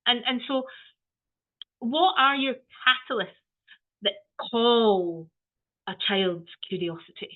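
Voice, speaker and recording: A woman giving an online training talk on children's play, animated and playful, often exclaiming. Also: a little high, takes it slowly, long pauses. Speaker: early-years play trainer. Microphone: video call. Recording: tinny video-call audio.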